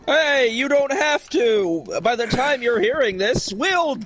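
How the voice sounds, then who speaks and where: A man's voice: very high voice, lively intonation, slow pace, a bit bright. A man chatting casually on a gaming stream, joking and rambling with stammered restarts.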